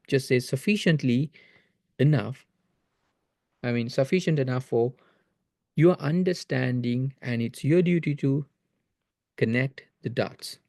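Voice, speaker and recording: This is a man teaching math in a video lecture. His voice is warm and mellow, and it sits at an ordinary pitch. He explains patiently, often circling back on a phrase to make it stick, and the recording is dry and close. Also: dry recording. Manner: patient, explanatory, repeats phrases to stress points.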